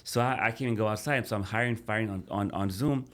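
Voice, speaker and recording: Low-voiced man telling his story, bro-style. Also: quick pace. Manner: animated, addresses host as "bro". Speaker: podcast guest. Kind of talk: casual storytelling.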